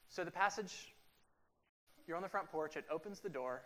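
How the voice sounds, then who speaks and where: A pastor preaching a sermon to a congregation in a church room. He swings between loud, emphatic lines and quiet, drawn-out passages. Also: on the high side. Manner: acts out quoted everyday talk for illustration.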